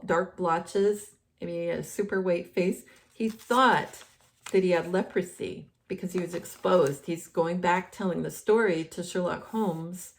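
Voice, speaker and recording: A woman's voice: lowish voice, vocal fry. A woman hosting a casual commentary, rambling with many fillers and restarts, saying she is losing her voice. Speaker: host.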